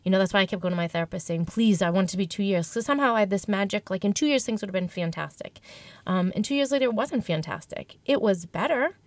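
Woman interview guest, middle pitch, candid and reflective, dry close recording. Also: quick pace, dry recording. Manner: reflective, emotional, with frequent restarts. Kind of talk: candid personal storytelling.

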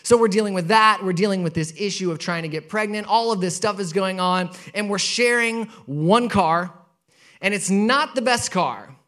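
Guy preaching a sermon, high voice, chatty story then pushes hard on his points. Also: moderate pace, fairly bright tone. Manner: conversational storytelling, builds to emphatic preaching. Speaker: pastor.

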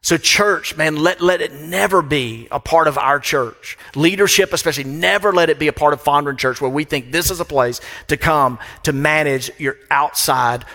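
A man's voice: a little high, moderate pace, hardly any pauses, bright, forceful tone. A middle-aged man preaching a sermon from a church pulpit, emphatic and repeating phrases for weight. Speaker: pastor. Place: church sanctuary. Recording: long reverb of a church hall.

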